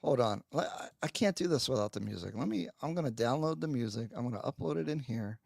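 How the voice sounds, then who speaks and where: A man's voice: mid-range voice, expressive, fast talker, a little mellow, no room sound, clean studio sound. A man hosting a live stream, chatting casually and mocking himself while he talks to his viewers. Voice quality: gravelly, husky. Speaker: livestream host. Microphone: headphones with mic.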